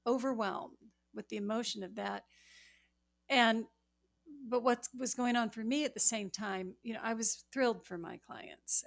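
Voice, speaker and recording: Slow, gravelly woman hosting. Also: medium pitch. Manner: slow, measured storytelling. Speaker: podcast host, realtor. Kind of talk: casual chat, recounting an anecdote.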